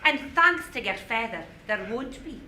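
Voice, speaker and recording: A woman's voice: a little high, lively intonation, moderate pace, sharp tone, recorded from a distance. A woman playing the bossy, teasing ghost of an old grandmother, scolding and mocking her grandson in a live stage play. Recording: echoey stage, recorded from afar, faint noise.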